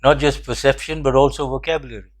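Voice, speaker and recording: An older man hosting a commentary show, telling a personal anecdote in a measured, reflective way. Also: medium pitch, steady tone. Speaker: host. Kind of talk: storytelling commentary.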